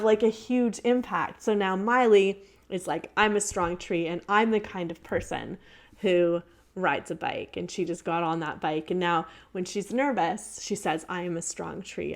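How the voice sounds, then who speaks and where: Woman, lowish voice, earnest, storytelling, fillers and restarts, casual talk. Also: darkish tone. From Canada. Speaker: presenter on children's mindfulness.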